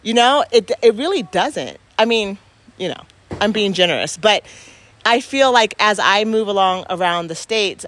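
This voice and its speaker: A woman's voice: mid-range voice, a bit bright. Earnest woman thinking aloud. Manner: earnest, emphatic, thinks aloud with many restarts. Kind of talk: reflective casual talk.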